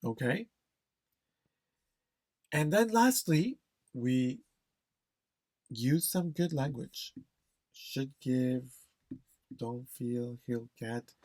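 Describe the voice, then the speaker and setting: A man's voice: mid-range voice, lively intonation, extremely slow, pauses often, darkish tone, dry recording. A man teaching an exam-prep lesson, stressing key phrases, repeating them and checking in with "okay?". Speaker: English test instructor.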